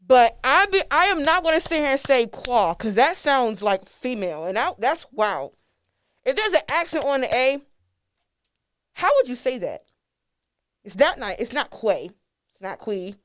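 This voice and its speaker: A woman's voice: sits high, moderate pace, pauses often, no room sound. A young woman from the DMV area hosting a podcast in a casual, chatty way, laughing often. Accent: American, DMV area. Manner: chatty, laughs often, lively swings in loudness. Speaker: podcast host. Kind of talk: casual chat.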